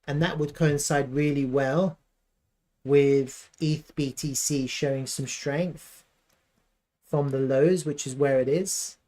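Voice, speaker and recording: A man's voice: on the high side, steady tone, slow, warm tone. A man giving a casual live chart analysis, thinking aloud with fillers and restarts.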